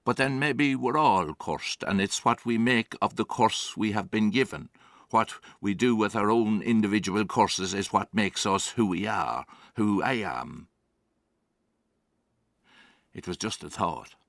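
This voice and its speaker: A man playing a gravelly old Irish farmer. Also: lowish voice, measured pace, a bit bright, no echo, clean studio sound. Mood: reflective. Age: older. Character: older Irish farmer grandfather, haunted by his lost cattle. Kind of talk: theatrical monologue.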